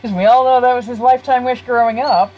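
A woman's voice: on the high side, steady tone, quick pace, dull audio. A woman live-streaming a life-simulation game, chatting casually with her viewers and laughing often. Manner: giggly, chatty, talks to chat.

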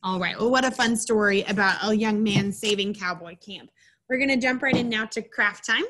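A woman's voice: mid-range voice, normal speed, background noise. A woman presenting a children's program, reading a picture book aloud and then walking children through a craft in a chatty, instructive way. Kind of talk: storybook reading and craft lesson.

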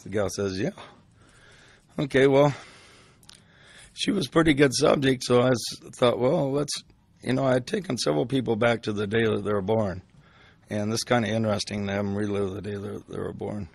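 Older man with a gravelly voice. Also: fairly low pitch, a little fast, no echo. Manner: rambling, with fillers and restarts. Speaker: storyteller. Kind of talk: casual spoken storytelling.

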